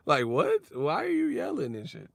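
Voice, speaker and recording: Male vlogger, casual profane boxing rant, very animated delivery, dry close-miked sound. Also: fairly high pitch, a little slow, vocal fry, dry recording. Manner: animated, profane, laughs often, mocks others with sudden shouts. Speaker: boxing commentator. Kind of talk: casual ranting commentary.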